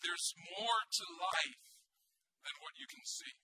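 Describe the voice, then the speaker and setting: A man's voice: very high voice, wildly swooping pitch, takes it slowly, vocal fry, sharp tone, husky, dry recording, poor audio. A man preaching a sermon in a conversational, storytelling way, often asking the listeners rhetorical questions. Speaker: pastor.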